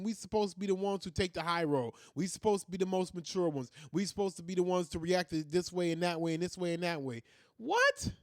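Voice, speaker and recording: Host, male, high-pitched, fiery profane rant, dry close sound. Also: fairly bright tone, no room sound. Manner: heated, ranting, profane. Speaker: commentary host. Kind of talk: opinion monologue.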